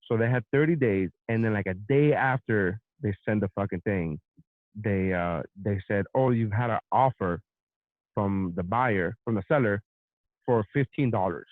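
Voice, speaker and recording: A man's voice: lowish voice, moderate pace, no echo. Podcast host, male, swearing storyteller; dry, phone-narrow sound. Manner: profane, animated storytelling. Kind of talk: casual storytelling rant.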